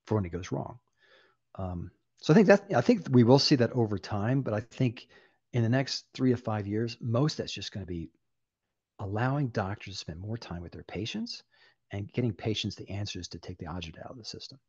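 A man's voice: on the low side, fairly quick, breathy edge, no echo, dull audio. An older man speaking as an interview guest, telling stories animatedly and acting out the voices of people he quotes. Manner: animated storyteller, acting out dialogue. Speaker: guest, applied AI director. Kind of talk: interview conversation.

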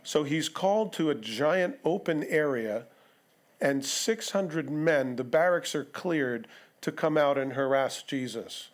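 A man's voice: fairly high pitch, lively intonation, takes it slowly. A male pastor preaching an expository sermon, conversational, with rhetorical questions and asides to the congregation. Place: church sanctuary.

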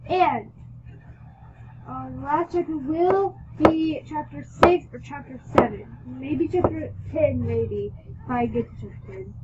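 A woman reading her own fan story aloud as a video host, halting often to correct herself. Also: sits high, very noisy. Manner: halting, with restarts and self-corrections. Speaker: fanfic reader and video host. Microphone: built-in or cheap mic, not a headset. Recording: dull lo-fi home recording.

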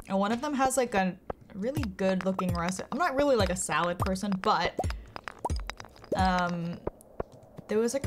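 A woman's voice: medium pitch, background noise. A woman chatting casually and giggling as she talks to viewers while playing a game on a live stream. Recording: game music playing behind the voice.

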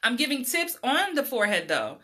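Bright-voiced New woman chatting live. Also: sits high, very animated, a little fast. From New York. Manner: chatty, laughs often, reads out viewer comments. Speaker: acting coach. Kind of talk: casual livestream chat.

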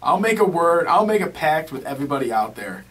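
A man co-hosting a podcast in a small studio, chiming in with relaxed, casual remarks. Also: fairly high pitch, fairly quick, slightly rough. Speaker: podcast co-host. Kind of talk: casual radio-style chat. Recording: distant mic, roomy sound.

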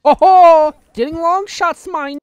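Seorang pria muda beraksen Selatan Amerika yang mengobrol santai sambil bermain game, keras, sering tertawa dan memaki. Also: male voice, extremely high pitch, fairly even intonation, unhurried, no echo. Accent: Southern US. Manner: loud, laughing, swearing banter. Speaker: gamer host. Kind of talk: casual gaming chat.

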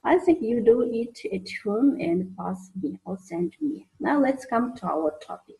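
A woman's voice: on the high side, big pitch swings, unhurried, gravelly, warm tone, rough recording. A woman teaching an English lesson, hesitant, with many fillers and restarts. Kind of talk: recorded online lesson.

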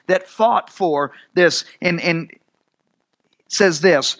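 A man's voice: fairly high pitch, drawn-out words, rough recording. Male pastor preaching with a raised voice, repeating lines to build emphasis. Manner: repetitive, stammering restarts, rising to loud emphatic peaks; acts out voices of Moses and God in dialogue. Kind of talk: sermon.

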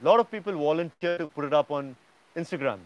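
A man's voice: a little high, fast talker, muffled recording. A man teaching a yoga class, lecturing students emphatically and often checking in with "yeah?".

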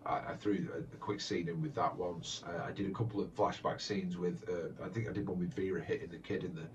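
A man who makes comedy voiceover parodies chats casually while answering fan questions, his low voice fairly even in intonation, a little fast and a little mellow. He is hesitant, with many fillers and restarts, and he's picked up by a distant, muffled lo-fi mic.

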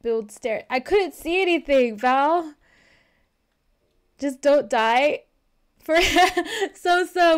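A woman's voice: high voice, takes it slowly, pauses often. A young woman streaming a game, talking in a rambling, flustered way and swearing freely as she plays. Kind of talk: live-streamed game commentary.

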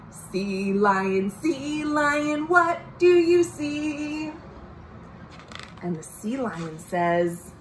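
Slow, sing-song woman reading to children. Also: a little high, roomy sound, a little hiss or hum. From United States. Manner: gentle, sing-song, asks the listening children questions. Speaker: children's librarian. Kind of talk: storytime read-aloud for children. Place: at home.

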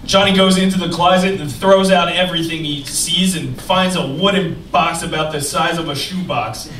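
A man reads stage directions aloud in a fairly high voice, flatly and matter-of-factly. He is picked up from a distance in an echoey venue. Heavy background noise sits under his voice. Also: moderate pace. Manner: dry, matter-of-fact reading, now and then breaking into laughter. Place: live stage in an event venue.

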